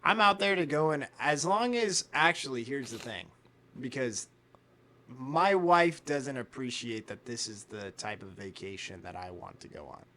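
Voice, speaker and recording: A man co-hosting a podcast in casual chat, telling animated stories, acting out quotes and swearing freely. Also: medium pitch, measured pace. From United States. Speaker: podcast co-host.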